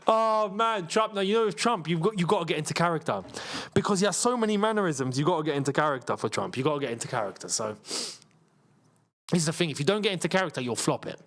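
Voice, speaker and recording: Excitable football watchalong host. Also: male voice, fairly high pitch, fast. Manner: excitable, laughs often, chatty asides. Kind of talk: live football watchalong commentary.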